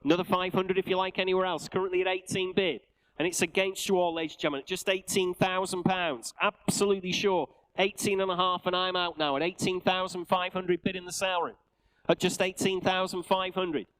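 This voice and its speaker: A man with a Northern English accent calling bids at a live car auction, with rapid patter and jokey asides. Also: high-pitched, flat delivery, a bit bright, clear, resonant tone, rough recording. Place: auction sale room.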